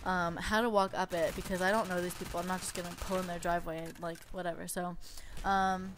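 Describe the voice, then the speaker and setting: A woman's voice: lowish voice, flat delivery, brisk, a little hiss or hum. A young woman in a casual storytime vlog, chatty and exasperated, peppering her stories with "like". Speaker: babysitter telling stories.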